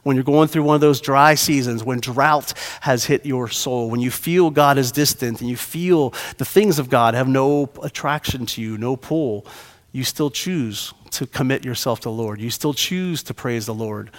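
A man's voice: medium pitch, normal speed. A man preaching a sermon as pastor, earnest and repeating key phrases for emphasis. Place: church sanctuary. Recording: long hall reverb.

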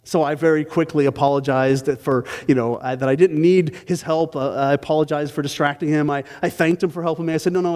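Wry preacher, higher voice, reverberant hall. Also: male voice, darkish tone. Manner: self-mocking storytelling with wry asides to the congregation. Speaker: pastor. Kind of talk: sermon with personal story.

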